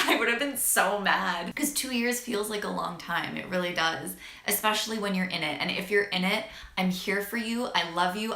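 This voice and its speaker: A woman's voice: mid-range voice, bright, forceful tone. A young woman in her twenties vlogging about her health, candid and chatty with lots of filler words. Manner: chatty and candid, lots of "like", gets emotional and laughs. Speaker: vlogger sharing a health story. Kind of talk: casual talk to camera. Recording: echoey room.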